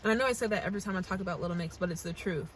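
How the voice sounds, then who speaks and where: A woman's voice: on the low side, very fast, slight background noise. A young American woman hosting a reaction channel, talking to camera in a casual, earnest, gushing way and thinking aloud with restarts. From United States.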